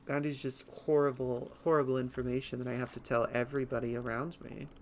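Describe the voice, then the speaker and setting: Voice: medium pitch, flat delivery, quick pace, slight background noise. A streamer chatting nerdily through a livestream of a game, rambling with giggles at a home setup. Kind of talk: livestream gameplay commentary.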